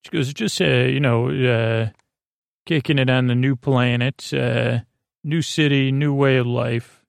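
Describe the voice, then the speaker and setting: Gravelly man rambling through a sleepy recap. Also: medium pitch, fairly even intonation, no echo, studio quality. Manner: meandering, halting, full of fillers. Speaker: podcast host. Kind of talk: rambling bedtime episode recap.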